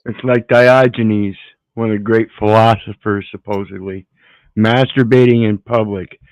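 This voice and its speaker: A man's voice: fairly low pitch, fairly even intonation, measured pace, clean tone, no room sound. A man on an online panel, telling wry anecdotes in casual talk. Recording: dry, dull remote-call audio.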